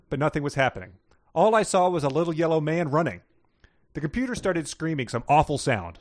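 A man reading aloud in the voice of a slow-witted Southern man, with a put-on Southern accent and folksy, ungrammatical speech. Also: fairly high pitch, no room sound, clean studio sound, lightly acted. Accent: American Southern, put on. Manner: folksy drawl with broken grammar.

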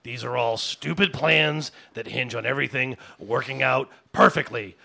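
Gravelly sarcastic barfly played by a man, heavy rasp, husky and bright-edged, mid pitch. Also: normal speed, exaggerated voice. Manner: sarcastic, scornful. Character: grumpy older bar regular, sarcastic and tough. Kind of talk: comedy audio drama.

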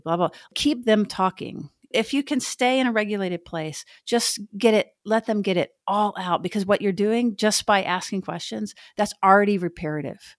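A woman therapist co-hosting a podcast, giving frank, animated advice in a casual conversational way. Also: medium pitch, normal speed, hardly any pauses, dry recording, studio quality. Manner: frank, animated, self-deprecating.

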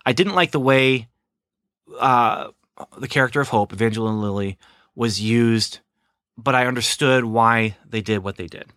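A man's voice: mid-range voice, normal speed, a bit bright, no echo, clean studio sound. A middle-aged man giving a rambling, sarcastic casual film review. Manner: rambling, sarcastic, lots of fillers and restarts.

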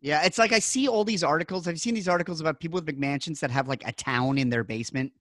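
A man's voice: a little high, fast, a bit bright, dry recording, clean studio sound. A middle-aged man hosting a podcast, telling rambling wry stories in casual chat. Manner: rambling, wry storytelling with filler words. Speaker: podcast host.

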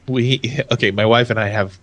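A man's voice: medium pitch, fairly bright tone. A young adult man from California co-hosting a casual podcast chat, rambling, restarting his sentences and laughing often. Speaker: podcast co-host.

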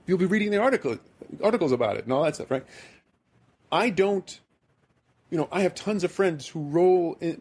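A man's voice: fairly high pitch, darkish tone, breathy edge. A man from the American Midwest hosting a podcast, telling a rambling, self-deprecating story in casual chat. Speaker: podcast host.

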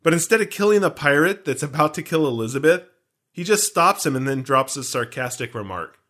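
A man's voice: on the high side, lively intonation, fairly quick, a bit bright. Joking, rambling male podcast host. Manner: joking, rambling, throws in pop-culture references. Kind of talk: casual chat.

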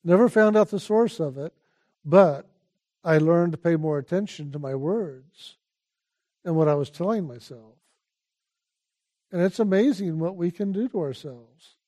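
Calm and in no hurry, a high-voiced older teacher offers a spiritual talk, pressing his audience time after time to pay attention.

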